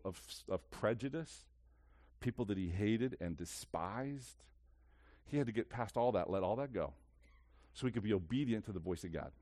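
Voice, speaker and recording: A man preaching a sermon as pastor, swinging from hushed lines to shouts and acting out voices. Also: mid-range voice, no room sound, studio quality.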